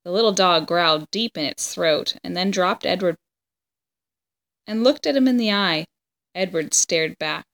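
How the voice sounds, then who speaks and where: A woman's voice: fairly low pitch, unhurried, fairly bright tone. Woman reading a children's book aloud. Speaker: story reader.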